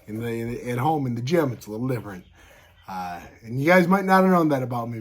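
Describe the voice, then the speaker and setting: Husky-voiced man with a scratchy throat. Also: mid-range voice, fast. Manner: animated, punctuates with sound effects. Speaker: show host and pro fighter. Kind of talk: casual storytelling to camera.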